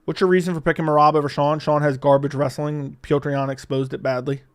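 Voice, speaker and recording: Guy ranting on a livestream, higher voice, swearing a ton, fired up. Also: level tone, brisk, smooth. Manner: profane ranting, heated. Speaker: livestream host. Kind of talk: live stream reading chat.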